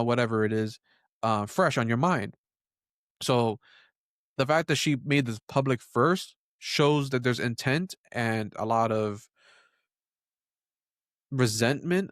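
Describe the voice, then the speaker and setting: A man's voice: medium pitch, no echo, studio quality. A man hosting a reaction commentary video, talking in a casual, opinionated way and often breaking off to remark on the clips. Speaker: commentary host.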